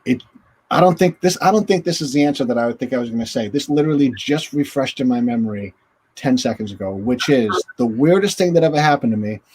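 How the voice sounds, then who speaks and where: A former goalie talks through a long anecdote in a loose, rambling way, backing up and restarting his sentences. He slips into quick impressions of coaches and teammates along the way. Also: medium pitch, slightly rough. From northern United States. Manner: rambling, animated storyteller acting out voices. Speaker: interview guest, former goaltender. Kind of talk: casual storytelling.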